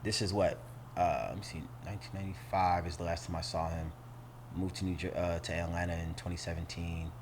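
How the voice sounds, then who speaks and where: A man's voice: low-pitched, brisk, background noise. A man telling a story in casual podcast chat, slangy and swearing freely, acting out the lines he quotes. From St. Louis, United States. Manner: animated storyteller, acts out quoted lines loudly. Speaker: podcast guest.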